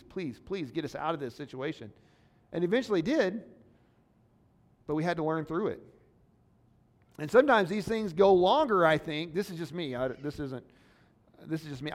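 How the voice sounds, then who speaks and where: A man preaching a sermon in an earnest, conversational way, asking the congregation rhetorical questions. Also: a little high. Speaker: pastor.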